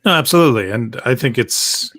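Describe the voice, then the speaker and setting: A man in his thirties, a podcast guest, talking in a relaxed, thoughtful way. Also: medium pitch, a little fast, dry recording, studio quality. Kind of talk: casual podcast chat.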